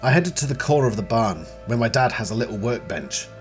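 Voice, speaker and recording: A man giving a casual book analysis and reading passages aloud, chatty and expressive. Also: medium pitch, a little fast, soft background music. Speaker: book series reviewer.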